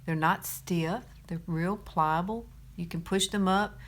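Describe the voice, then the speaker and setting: A woman's voice: on the low side, fairly even intonation, measured pace. Chatty Southern woman in her fifties. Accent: Southern US, Alabama. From Alabama, US. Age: 50s. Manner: chatty, laughs often, says y'all. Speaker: makeup tutorial host. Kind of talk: casual makeup tutorial.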